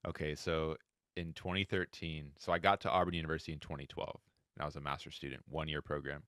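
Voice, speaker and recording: A man from Florida with a very deep, resonant voice. He tells his coaching story at length, acting out the people he quotes. The recording is close and dry. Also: quick pace, no room sound. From Florida, USA. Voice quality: very deep, smooth voice. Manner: animated storytelling, acts out quoted dialogue. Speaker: guest, wheelchair handball head coach. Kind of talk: podcast interview storytelling.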